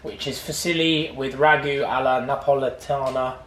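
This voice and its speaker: Relaxed man, off-mic in a roomy kitchen. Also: medium pitch, moderate pace, far from the mic, noisy background. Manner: relaxed, explaining as he goes. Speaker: partner. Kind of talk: casual chat. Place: home kitchen. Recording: roomy and off-mic, chatter behind.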